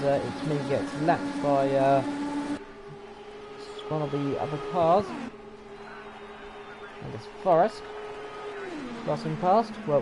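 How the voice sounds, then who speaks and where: A man calls a sim race live, chatty and often unsure, stopping to correct himself. Game car engines roar loudly behind his voice. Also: on the high side, noisy background. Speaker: race commentator. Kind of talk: live sim racing commentary. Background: racing game car engines.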